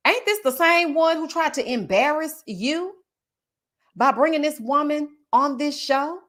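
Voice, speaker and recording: A woman's voice: high voice, animated, a little slow, a bit bright. A woman giving casual, sassy reality-TV gossip commentary and reading out viewer comments, calling her audience child and baby.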